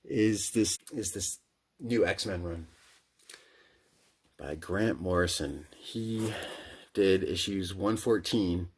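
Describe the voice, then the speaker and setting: A man's voice: low-pitched, slow, pauses often, breathy edge. A man with a Midwestern accent, chatting casually and enthusiastically about his comic book collection, slangy and profane, rambling with restarts. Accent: Midwestern American. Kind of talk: casual chat.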